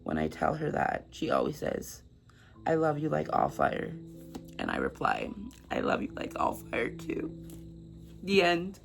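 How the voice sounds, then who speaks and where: Gravelly-voiced woman reading a book aloud. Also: low voice, wildly swooping pitch, a little slow, pauses often, over music. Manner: stumbles over words while reading aloud; emotional, effusive chatter. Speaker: book reviewer. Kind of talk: reading a novel aloud and gushing about it.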